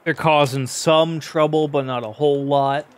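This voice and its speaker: A man's voice: fairly high pitch, steady tone, normal speed. A man running a tabletop game as game master, describing the scene in a casual, swearing way.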